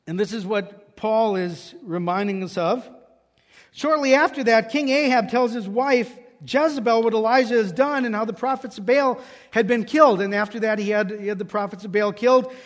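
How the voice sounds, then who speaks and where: A man's voice: high voice, normal speed. A man preaching a sermon, telling a scripture story and raising his voice when he quotes it. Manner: storytelling, quoting scripture with raised voice. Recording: long hall reverb.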